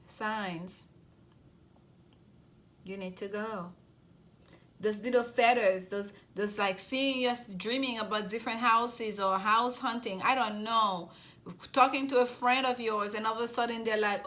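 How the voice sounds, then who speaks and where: Unhurried and fairly high-pitched, with fairly even intonation and a bit of brightness, a woman with a noticeable non-native accent gives an intuitive tarot reading to camera. She repeats herself reassuringly, keeps restarting her phrases and asks her listeners check-in questions.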